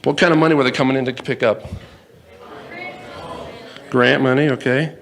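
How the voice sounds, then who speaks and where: Brief: a man as speaker telling a joking story, lively and playful. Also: mid-range voice, normal speed, gravelly. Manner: playful, acts out voices, jokes with the audience. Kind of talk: humorous storytelling talk. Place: in front of a live audience.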